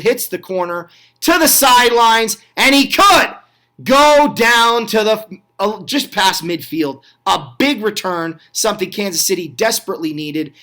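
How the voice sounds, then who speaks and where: A man giving casual play-by-play voice-over on old football clips. He talks in an excited, chatty way, asks the viewer questions, and makes small slips and corrections. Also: high-pitched. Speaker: host of a retro football review channel.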